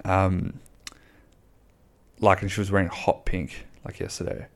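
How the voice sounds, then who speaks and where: A man's voice: low voice, flat delivery, a little slow, vocal fry. A man, chatting casually and bluntly on his own podcast, rambling and swearing freely. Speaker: podcast host. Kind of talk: casual solo podcast chat.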